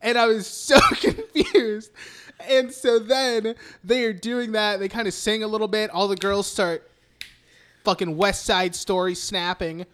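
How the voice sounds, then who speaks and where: Young male podcast host, high bright voice, loose rambling recap, lots of swearing. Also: fairly even intonation, a little slow, smooth. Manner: rambling, profane, heavy use of "like". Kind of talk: casual chat recapping a film.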